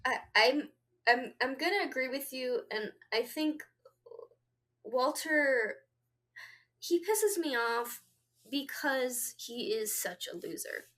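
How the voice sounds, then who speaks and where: A woman's voice: high-pitched, expressive, takes it slowly, long pauses, fairly bright tone. A woman co-hosting a podcast in casual chat, laughing often between her remarks. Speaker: podcast co-host. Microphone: home podcast microphone.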